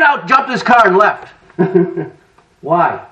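Animated preacher man with a lively voice. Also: high voice, measured pace, distant mic. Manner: animated storytelling preacher, laughs and acts out quotes. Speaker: pastor. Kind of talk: sermon.

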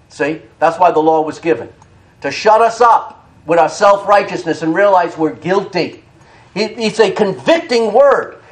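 High-voiced man preaching emphatically. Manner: emphatic, repeats key phrases, calls out "Amen?"; laughs between points. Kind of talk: sermon.

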